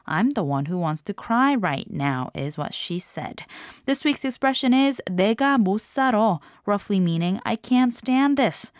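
Woman teaching phrases, clear and measured. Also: mid-range voice, expressive, no room sound, studio quality. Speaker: language lesson host. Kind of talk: scripted explanatory narration.

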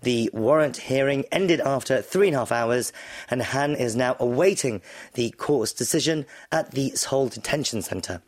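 A man hosting a news radio show in a studio, speaking with a hoarse, sore-throated voice. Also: mid-range voice, moderate pace. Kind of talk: scripted news radio presenting. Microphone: studio microphone.

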